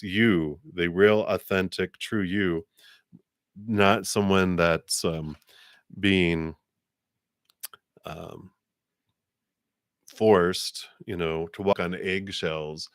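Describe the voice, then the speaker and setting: A man's voice: steady tone, drawn-out words, long pauses, no echo, clean studio sound. A man doing a live tarot card reading, chatty and laughing often. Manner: chatty, laughs often, voices guides with sassy high "girl".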